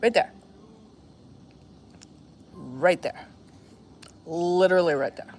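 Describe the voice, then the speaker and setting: A woman's voice: fairly low pitch, expressive, unhurried, long pauses, slight background noise. A woman chatting casually to her viewers in a vlog, breaking off to talk to a dog playing fetch outdoors. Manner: chatty, talks to a dog between asides. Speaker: vlogger.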